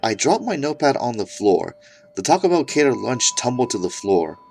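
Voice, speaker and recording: A man's voice: medium pitch, sing-song, normal speed, vocal fry, a little mellow, a little hiss or hum. A man narrating an absurd comedic horror story in a mock-serious tone.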